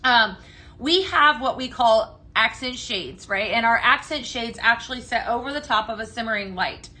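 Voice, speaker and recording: Bright, chatty woman live-selling. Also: on the high side, lively intonation, moderate pace. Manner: chatty, upbeat, peppers talk with "right?"; greets viewers by name while talking. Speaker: live-stream sales host. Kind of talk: live-stream product demo.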